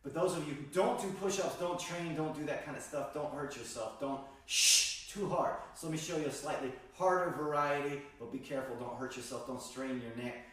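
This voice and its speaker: Male qigong teacher, calm instructional delivery, recorded far off in a roomy space. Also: fairly high pitch, brisk, few pauses. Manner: calm, guiding, demonstrates breathing sounds. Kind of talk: instructional demonstration. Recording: very echoey room, distant mic.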